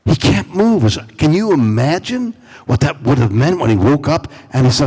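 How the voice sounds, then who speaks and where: A man in his eighties, a celebrity guest at a fan convention, tells stories with dramatic pauses and playfully teases fans. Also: medium pitch, lively intonation, mellow, breathy edge. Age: 80s. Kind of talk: animated storytelling on stage. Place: large convention hall. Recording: long hall reverb from a convention stage.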